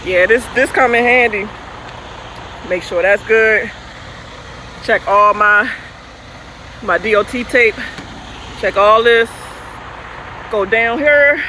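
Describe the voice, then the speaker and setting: A woman's voice: on the high side, slow, pauses often, bright, forceful tone. A woman truck driver chatting casually and playfully with her livestream viewers, speaking into a phone. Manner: playful, goofy, talks back to viewers' comments. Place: outdoors by a truck at night. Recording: faint outdoor vehicle noise.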